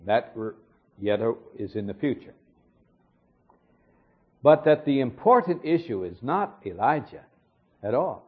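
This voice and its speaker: A Bible teacher delivers a verse-by-verse expository sermon in a calm, measured, explanatory way, occasionally pausing on a filler word. His husky voice moves a lot in pitch within each sentence, and the recording sounds dull and lo-fi.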